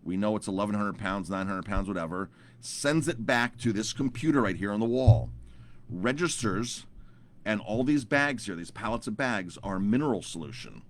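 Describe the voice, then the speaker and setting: A man's voice: lowish voice, animated, normal speed. A man in his thirties, a chef, telling a story to camera in a casual, rambling way with lots of repeated words and fillers.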